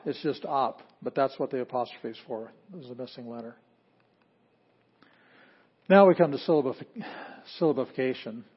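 A man giving an informal lesson on Greek pronunciation, relaxed and self-correcting, repeating words slowly to demonstrate them. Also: mid-range voice, muffled recording. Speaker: Greek teacher. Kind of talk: informal classroom lecture.

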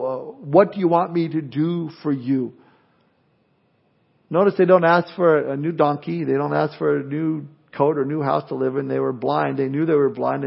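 Gravelly high-voiced preacher man. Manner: earnest, with rhetorical questions and folksy humor. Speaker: pastor. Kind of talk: sermon. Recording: dull lo-fi sermon audio.

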